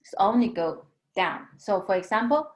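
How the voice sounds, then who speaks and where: A woman teaching a language lesson, patiently explaining tones and drawing out model words slowly. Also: mid-range voice, expressive. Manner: slow, patient, drawn-out model pronunciations.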